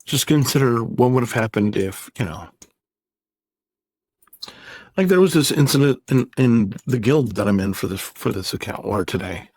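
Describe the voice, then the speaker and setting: A man's voice: medium pitch, expressive, normal speed, a little mellow, no room sound. Rambling, exasperated man, dry sound. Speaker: gaming YouTuber. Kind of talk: casual vlog rant.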